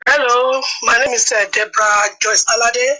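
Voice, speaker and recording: Lady calling in, urgent and pleading, high pitched voice. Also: fairly even intonation, normal speed, pushed and bright, rough recording. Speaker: call-in caller. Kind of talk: call-in comment.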